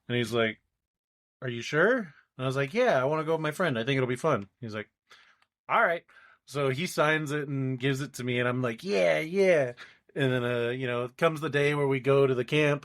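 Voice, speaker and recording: A young man, a podcast co-host, telling a long story in casual chat, rambling along and acting out the people he quotes. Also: medium pitch.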